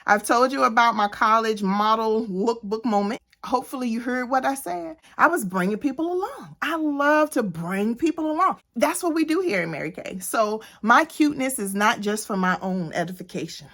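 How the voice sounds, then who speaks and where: An animated woman talks straight to her viewers in a casual vlog, her voice sitting a little higher than most. She is playful and lively and sometimes turns preachy, like a friend hyping up her audience. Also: moderate pace, few pauses. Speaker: beauty vlogger and cosmetics consultant.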